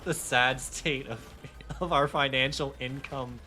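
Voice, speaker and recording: A man's voice: mid-range voice, steady tone, slow pace, bright, forceful tone, a little hiss or hum. A young man streaming a game live, talking casually in a heated, rambling rant with swearing and self-mocking asides. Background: faint game music.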